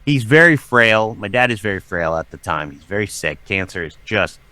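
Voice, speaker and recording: Male guest, 40s, low-ish voice with big pitch swings, storyteller who acts out quotes, dry close mic. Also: lively intonation, normal speed, sharp tone. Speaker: guest, writer and voice actor. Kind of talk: candid storytelling conversation.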